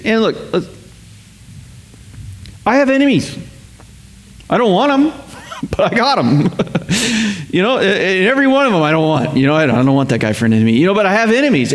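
A male pastor preaching a casual, conversational sermon, joking and animated. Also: high voice. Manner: joking, animated, chuckles between points.

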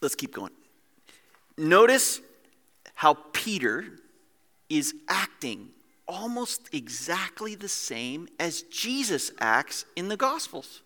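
Man preaching, high voice, bright tone, animated, lively storyteller, long reverb of a church hall. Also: takes it slowly. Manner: animated, acts out the scene in voices. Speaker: pastor. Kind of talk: sermon.

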